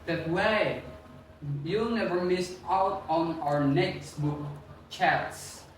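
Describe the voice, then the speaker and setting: A young adult man co-hosts a student book podcast, reading a casual script with small slips. His voice is high-pitched and very slow, recorded in an echoey room with a far-off mic and faint noise.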